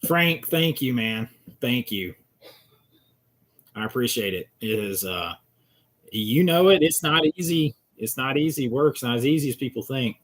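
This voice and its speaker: Man, husky voice, chatty livestream host, rambling, mid pitch. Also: lively intonation, measured pace. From Georgia, US South. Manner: rambling, chatty, reads out viewers' comments. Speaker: channel host answering live chat. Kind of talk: casual livestream chat.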